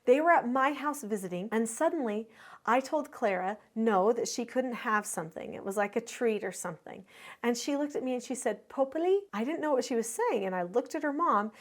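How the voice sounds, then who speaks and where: A middle-aged woman, a parenting educator, giving clear, explanatory teaching to parents and telling stories to make her points. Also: a little high, lively intonation, fairly quick. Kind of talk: instructional talk to parents.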